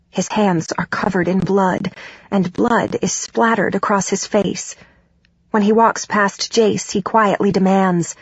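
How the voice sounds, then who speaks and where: A woman narrating a first-person audiobook in a steady, even way. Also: medium pitch, husky, no room sound. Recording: dull, dry studio recording.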